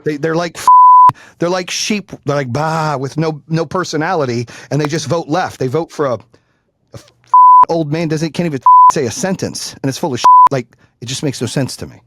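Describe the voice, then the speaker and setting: Talking fast in a voice on the high side, this man hosts a podcast full of profane, animated storytelling, performing the voices of anyone he quotes. Loud background noise runs through the recording.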